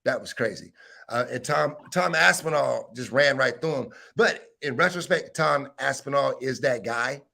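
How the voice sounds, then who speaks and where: Young male co-host, mid-pitched, quick bantering fight-pick chat. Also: creaky, bright, forceful tone. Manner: quick banter with casual swearing, picks fights. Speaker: podcast co-host. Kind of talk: casual sports chat.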